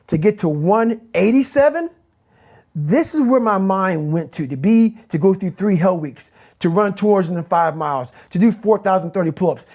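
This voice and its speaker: A man's voice: sits high, darkish tone. A man giving a motivational interview as the guest, speaking intensely and emphatically and repeating his key phrases.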